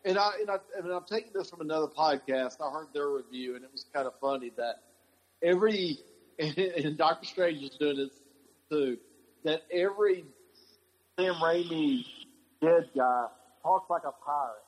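A man's voice: on the high side, moderate pace, slight background noise, low-quality recording. A man co-hosting a podcast, chatting casually and rambling through his thoughts with plenty of fillers and restarts. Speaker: podcast co-host. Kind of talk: casual chat.

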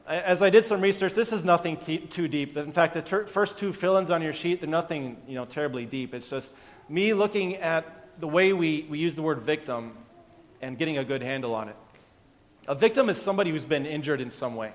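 A man's voice: a little high, lively intonation, fairly quick, fairly bright tone, long reverb tail. A male pastor giving a conversational sermon, often restarting his sentences and chuckling. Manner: conversational, self-interrupting, chuckling.

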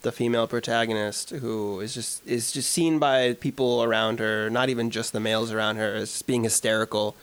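A man's voice: medium pitch, steady tone, moderate pace, few pauses, fairly bright tone, smooth. A man co-hosting a podcast, talking earnestly about films and often stopping to search for words. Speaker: podcast co-host. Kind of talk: casual film discussion.

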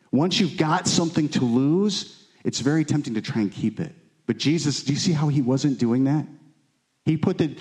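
A man's voice: medium pitch, darkish tone. A man preaching a sermon, earnest and emphatic, often repeating his key phrases. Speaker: pastor.

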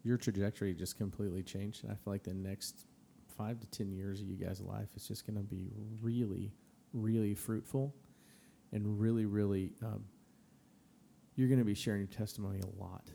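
A man co-hosting a podcast who speaks encouraging words to his guests, hesitating often and pausing with fillers. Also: lowish voice, fairly even intonation, vocal fry, mellow, slight background noise. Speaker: podcast co-host. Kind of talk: casual encouragement.

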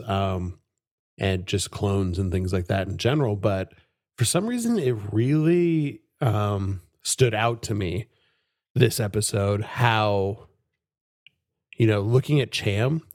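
Dude on a podcast, chatty, laughs a lot, lowish voice, dry mic. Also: male voice, a little mellow, dry recording. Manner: enthusiastic, laughs often, many fillers. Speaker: podcast co-host. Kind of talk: casual chat.

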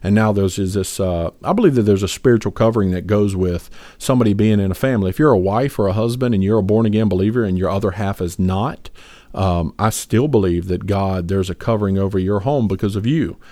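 A man with a lowish, dark voice talks briskly as a podcast co-host in a casual faith discussion. He's earnest but rambling, full of fillers and restarts, and there's no room sound.

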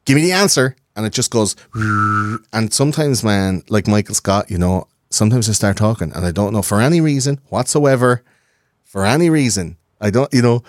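A man in his thirties, a podcast guest, talking in a rambling, profane, animated way. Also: lowish voice, normal speed, no echo, clean studio sound. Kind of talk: casual conversation.

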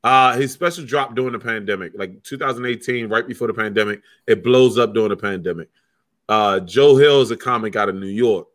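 A man who is a stand-up comic, chatting casually and telling animated stories, swearing freely and acting out what people said. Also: fairly low pitch, fairly quick. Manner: animated storyteller, swears freely, acts out quotes. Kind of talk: casual podcast chat.

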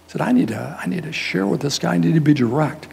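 An older man, a guest pastor, telling a story in a sermon in a folksy, animated way, acting out the people in it. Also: fairly high pitch, fast, gravelly, slightly rough. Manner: animated, folksy, quotes people in raised voices.

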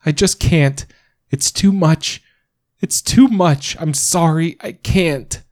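A man voicing an exhausted young mother in a spoken story, pleading and tearful, his voice climbing high when she is upset. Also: expressive, moderate pace, dry recording, studio quality, close to an everyday voice. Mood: distraught.

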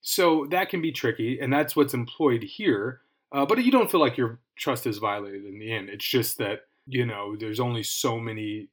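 A man talks casually into a podcast microphone, sharing his take on a novel. He thinks aloud as he goes, circling back, restarting phrases and adding asides. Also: medium pitch. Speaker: podcast host reviewing a book. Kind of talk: casual book review monologue.

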